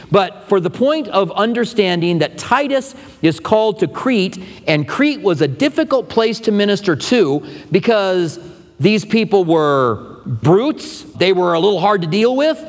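Man, pastor, high voice, conversational verse-by-verse sermon, long reverb in the church. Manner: conversational preaching with asides to the congregation. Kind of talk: expository sermon. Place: church sanctuary.

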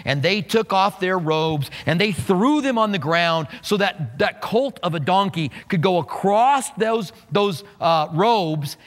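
A man with a high voice preaches with lively energy, slipping into acted-out quotes and jokes. His voice carries a long reverb, like a large church sanctuary. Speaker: pastor. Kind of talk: sermon.

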